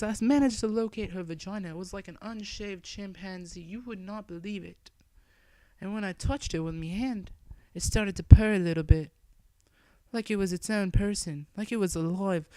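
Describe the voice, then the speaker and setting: A young woman telling an improvised crude comic story from her bedroom. She swings between soft mutters and loud squeals. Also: medium pitch, dry recording. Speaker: comedian.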